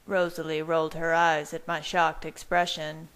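A woman with a low voice reading fan fiction aloud in the first person. She narrates at a steady, measured pace. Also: smooth, poor audio. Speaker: reader.

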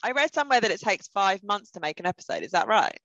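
Chatty interviewer, mid-pitch, slightly dull recording. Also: very animated, fast, creaky, over music. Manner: chatty, curious. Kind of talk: interview questions.

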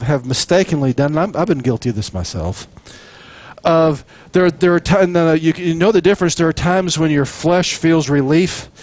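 Animated preacher, slightly high voice. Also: male voice. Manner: animated, jokes and acts out quotes. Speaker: pastor. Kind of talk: sermon.

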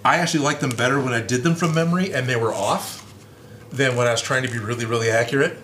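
A male livestream host talks shop about prop making in a relaxed, rambling way. His voice carries a roomy echo, with a faint hiss in the background. The pitch sits in a middle range. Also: fast talker. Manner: easygoing, rambling storyteller. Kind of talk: casual workshop chat.

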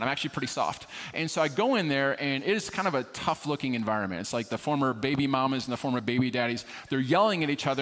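Male pastor, brisk storytelling sermon, wry self-mocking humor, echo of a big hall. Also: mid-range voice, fairly bright tone. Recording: long reverb of a large hall.

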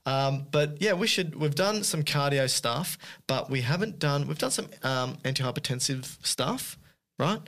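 A man co-hosting a casual podcast, teasing his co-host and reading listener emails aloud with quick asides. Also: fairly high pitch, animated, fairly bright tone.

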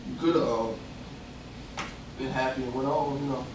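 A man preaching a sermon, animated and lively, swinging from loud bursts to hushed asides. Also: medium pitch, moderate pace, noisy background. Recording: echoey room picked up from far off, faint ambience.

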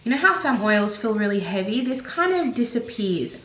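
A woman's voice: on the high side, sing-song, normal speed, a bit bright. An Australian woman chatting casually and enthusiastically through a beauty product haul, with rambling asides. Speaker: beauty vlogger. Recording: roomy echoey room.

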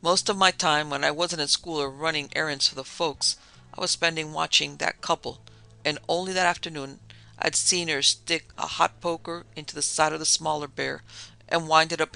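A man narrating a spooky tale in a measured storytelling manner. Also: on the high side, vocal fry, sharp tone, poor audio. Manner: storytelling, measured, dramatic dips.

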